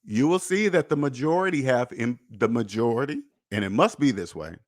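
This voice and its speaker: A man hosting a personal finance podcast in an emphatic, preachy monologue, repeating points and swearing, swinging between loud jabs and low muttered asides. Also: lively intonation, brisk. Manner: emphatic, preachy, repetitive, with profanity. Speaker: podcast host.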